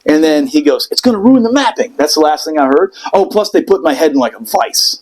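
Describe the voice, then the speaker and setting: A man in casual podcast chat, telling a wild personal story with plenty of swearing. His voice sits a bit high for a man, and he jumps into quoted voices as he goes. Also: a little fast, rough recording. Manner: animated, profane, acts out voices in quotes.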